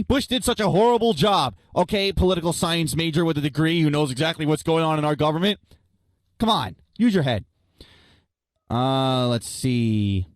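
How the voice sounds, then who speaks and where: High-voiced young man ranting on radio. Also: no echo. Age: young adult. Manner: blunt, profane, ranting, addresses listeners as guys and folks. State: out of breath. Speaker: radio show host reading listener messages. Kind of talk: opinionated talk radio rant.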